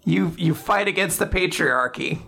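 Brief: chatty male co-host with a fairly high voice, eager and quick to laugh. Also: creaky, pushed and bright. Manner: chatty and enthusiastic, laughs often. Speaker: podcast co-host. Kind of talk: casual chat.

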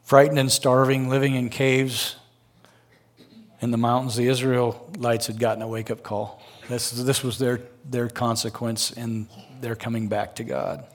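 A man's voice: mid-range voice, little pitch movement, unhurried. An older man preaching a sermon as a guest speaker, earnest, with folksy personal asides and rising emphasis.

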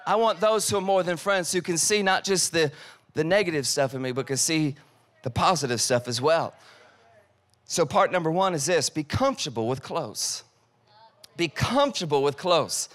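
A man's voice: fairly high pitch, moderate pace, a bit bright. A man preaching a sermon in a loose, conversational way, acting out text messages and his own reactions as he tells a story. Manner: loose, conversational delivery with many filler "like"s. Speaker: pastor.

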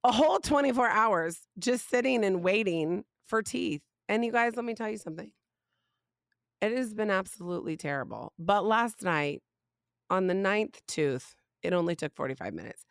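A woman, hosting a podcast and telling a funny family story in a casual, animated way. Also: mid-range voice, normal speed, creaky, no room sound. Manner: animated, laughing, rising emphasis on punchlines. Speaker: podcast host.

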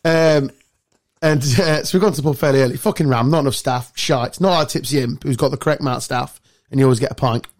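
A man hosting a casual podcast, telling sweary, animated stories. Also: mid-range voice, fast talker. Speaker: podcast host. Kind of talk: casual chat.

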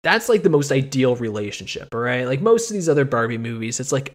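A man hosting a casual podcast chat, ranting with animated, profane mock outrage. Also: mid-range voice, fast talker, few pauses. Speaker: podcast host.

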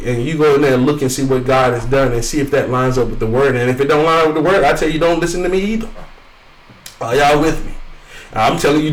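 Guy preaching online, swells and drops, echoey room, a bit far off the mic. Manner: rhythmic prayer, repeating "Lord Jesus" and "oh God"; rises and falls in pitch and volume, drawing out key phrases. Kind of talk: online sermon with scripture reading and prayer. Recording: roomy, from a distance.

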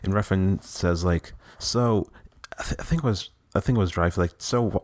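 A man hosting a podcast in easy, relaxed chat, telling stories and moving the conversation along. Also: sits low, brisk, no echo. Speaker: podcast host. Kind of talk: casual chat.

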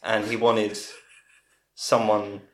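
A man's voice: fairly low pitch, little pitch movement, extremely slow. A man in his forties, a podcast guest telling long family stories, often restarting his sentences. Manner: rambling, self-interrupting storyteller. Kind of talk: casual storytelling in a podcast interview. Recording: roomy podcast recording.

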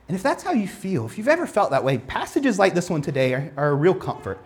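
A man's voice: high voice, very animated, fast, few pauses. A young adult man preaching a casual, conversational sermon, telling stories in a chatty way full of fillers and restarts.

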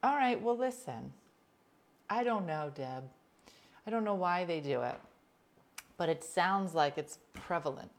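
A woman hosting a livestream, chatting casually and bluntly with viewers, calling them by name and swinging between loud outbursts and hushed asides. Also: on the low side, expressive, a little slow, long pauses. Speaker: livestream host reading viewer comments.

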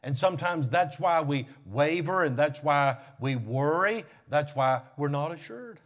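Preaching man, loud then hushed. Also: a little high, animated, a little slow. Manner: preaching with swings from loud raised emphasis to hushed near-whispers. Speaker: pastor. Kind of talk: sermon.

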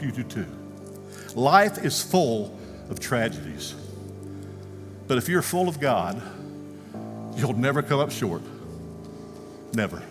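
Animated male preacher in a reverberant church. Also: mid-range voice. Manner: animated storyteller, acting out quotes, ending in prayer. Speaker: guest speaker. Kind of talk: sermon storytelling. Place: church sanctuary. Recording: long reverb, music faintly behind.

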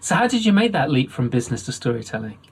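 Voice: mid-range voice, big pitch swings, quick pace, husky. An interviewer asking questions in a friendly, casual chat, often laughing and cutting in with short replies. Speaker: interviewer, podcast host.

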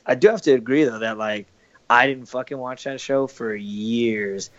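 A man's voice: mid-range voice, moderate pace, lo-fi sound. A man telling a rambling, profane story in casual podcast chat. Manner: profane, rambling, acts out quoted voices.

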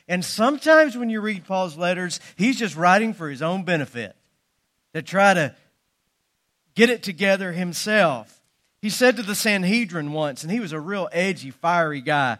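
A man preaching a sermon, telling folksy jokes and stories with animated emphasis. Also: on the high side. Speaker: pastor.

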